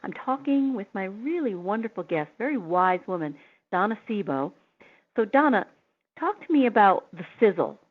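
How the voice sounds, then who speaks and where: A woman's voice: mid-range voice, expressive, moderate pace. Woman host on a tinny phone line. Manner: chatty, tells personal anecdotes. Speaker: radio show host. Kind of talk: advice talk show interview.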